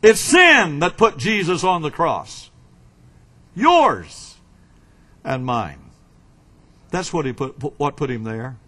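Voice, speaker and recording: A man preaching a sermon in a slow, emphatic way, with dramatic swings between loud and quiet. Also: a little high, very animated.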